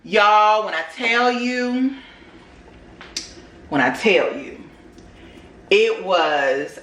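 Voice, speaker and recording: An animated woman vlogger chats to her viewers as she tells a long story, her voice bright and forward. The room around her camera microphone rings with a clear echo. She talks to them like she is catching up with friends. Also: medium pitch, drawn-out words, pauses often, slight background noise. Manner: animated, chatty, addresses viewers as y'all. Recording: roomy echo.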